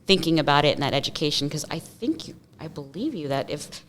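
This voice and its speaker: A woman's voice: deep voice, animated, fairly quick, slight background noise. A woman, a guest from the fire service, talking casually and thoughtfully in a podcast conversation.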